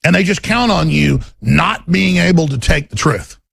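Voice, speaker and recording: A middle-aged man hosting a political talk radio show, delivering an intense, ranting monologue with a gravelly, husky voice. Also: lively intonation, moderate pace, a bit bright, dry recording. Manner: intense, ranting, swings to menacing low growls in acted quotes.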